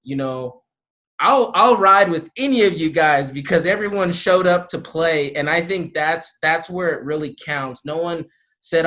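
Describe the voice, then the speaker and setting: Panelist man, slightly high voice, energetic and rambling, video call sound. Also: normal speed. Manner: energetic and rambling, many fillers and restarts. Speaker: panelist from a small-business support group.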